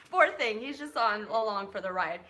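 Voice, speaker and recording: A woman's voice: on the high side, lively intonation, a little slow, bright, forceful tone. A woman from California in her thirties hosting a casual live chat, bubbly and laughing often, filling her talk with "like". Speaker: host. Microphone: phone.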